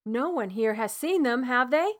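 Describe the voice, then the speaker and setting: A woman's voice: high voice, expressive, normal speed, fairly bright tone. A woman voicing a cautious clansman who questions the rumors. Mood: doubtful. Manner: questioning, doubtful.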